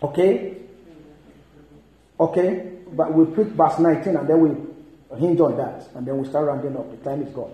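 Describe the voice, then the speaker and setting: High-voiced preacher in an echoey hall. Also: male voice, normal speed, long pauses. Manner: emphatic, animated preaching with scripture reading. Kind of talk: sermon.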